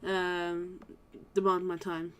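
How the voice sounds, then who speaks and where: A woman's voice: fairly low pitch, completely flat delivery, slow, fairly bright tone, clear, resonant tone. A woman reading the lines of a kind, earnest male orc charity worker in a video game, in a formal, earnest manner. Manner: formal, earnest read-aloud dialogue.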